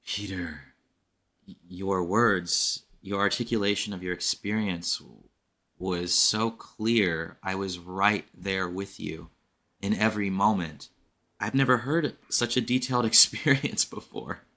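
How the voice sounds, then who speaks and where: A man hosting an interview, speaking slowly and earnestly to his guest. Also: sits low, bright, forceful tone. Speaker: podcast host. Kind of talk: interview remarks.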